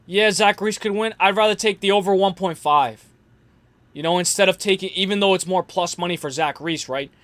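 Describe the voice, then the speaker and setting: A man's voice: sits high, brisk, a bit bright, no echo. A young man hosting a casual livestream, rambling in slangy talk full of fillers and restarts. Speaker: host.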